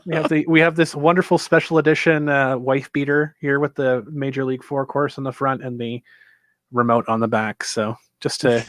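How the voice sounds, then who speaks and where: A man co-hosting a casual chat show, giving a laid-back, upbeat pitch for the show's merchandise. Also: steady tone, moderate pace, fairly bright tone, no room sound. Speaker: podcast co-host.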